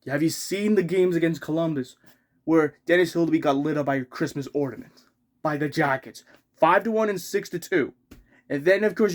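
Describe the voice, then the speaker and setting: Exasperated male hockey fan ranting. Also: a little high. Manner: exasperated, repeats himself, swears, rising outbursts.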